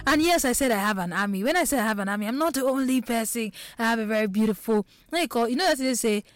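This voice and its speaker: A woman's voice: on the high side, animated, fast. Bubbly young Nigerian radio host woman. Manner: bubbly, playful, hyping up guests. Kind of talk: lively radio show chat. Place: radio studio.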